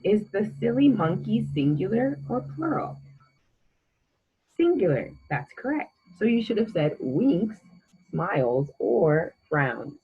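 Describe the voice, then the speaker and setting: A woman's voice: medium pitch, very animated, takes it slowly, slightly rough, phone-quality sound. A woman teaching a grammar lesson to children, patient and encouraging as she quizzes the listener.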